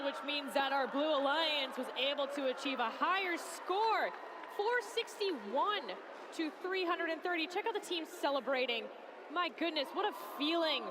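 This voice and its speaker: A woman commentating a robotics competition live from an arena booth, with excited exclamatory play-by-play. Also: sits high, noisy background.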